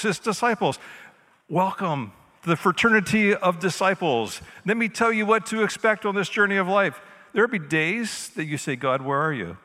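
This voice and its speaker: Male pastor, fairly high voice, dynamic sermon delivery, long reverb of a church hall. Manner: dynamic preaching, swinging between loud emphasis and quiet intimacy.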